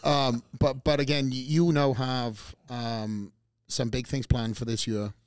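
A man's voice: mid-range voice, flat delivery, measured pace, smooth, no echo, clean studio sound. A man hosting a podcast interview who asks questions and teases his guest with jokey banter. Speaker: podcast host. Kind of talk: casual interview chat.

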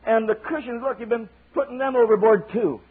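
A man voicing a whiny, frightened young male eaglet, pleading in a high childlike wail on an old sermon tape. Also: a little fast, breathy edge, heavily acted. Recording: tinny lo-fi sermon tape with hiss.

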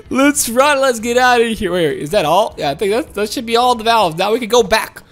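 Woman, high voice, excitable gameplay commentary, chatty with viewers, faint music behind. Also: normal speed. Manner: excitable, exclaims and laughs often, talks to viewers. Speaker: gaming video host.

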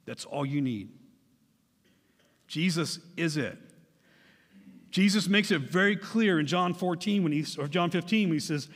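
A man's voice: fairly high pitch, expressive, measured pace, pauses often, a bit bright. A man preaching a sermon as pastor, emphatic and conversational, repeating phrases for stress. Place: church hall. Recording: long church hall reverb.

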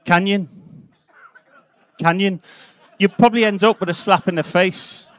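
A man's voice: high voice, fairly quick, no room sound. A man in his fifties from Liverpool with a Scouse accent, doing a live stand-up set in a comedy club with a brash, sweary, punchy delivery. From Liverpool, England. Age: 50s.

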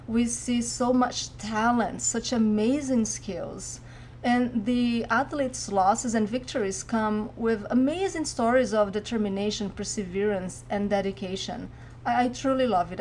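Brazilian woman, teacher, slightly high voice, clear careful delivery, faint room hum behind. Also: darkish tone. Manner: clear, careful pronunciation drills. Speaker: Portuguese teacher. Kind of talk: language lesson to camera.

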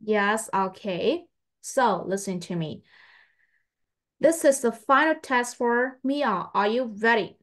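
A woman English teacher, patiently testing a young pupil and repeating her questions slowly. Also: a little high, animated, fairly bright tone. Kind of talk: online English test with a child.

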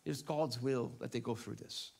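A man's voice: medium pitch, moderate pace, creaky, pitched below the performer's own voice. A man putting on a British accent to voice a pompous, resigned fatalist in a sermon. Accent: British, put on. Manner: mock-official, detached.

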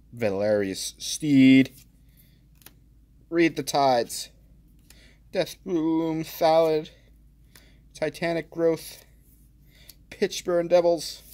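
A man on his own channel opens card packs while offering laid-back commentary, joking around and reading card names aloud amid bouts of excited exclaiming. His voice sits a little high.

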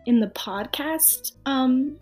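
Young woman, dating show contestant, chatty, filler words, slightly high voice, faint music. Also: slow pace, darkish tone. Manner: chatty, giggly, lots of "like" and "um". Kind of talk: casual chat.

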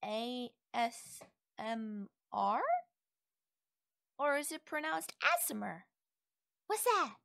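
A woman's voice: fairly high pitch, expressive, very slow, gravelly, long pauses, fairly bright tone, no echo, heavily acted. A voice actress playing a curious, naive young wolf-girl in an ASMR audio role-play, full of innocent questions. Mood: soft, wondering.

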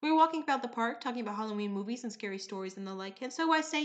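A woman's voice: on the high side, expressive, rapid-fire, hardly any pauses. A woman vlogger telling funny everyday stories in a theatrical, wry, playful way. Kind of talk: comic storytelling vlog.

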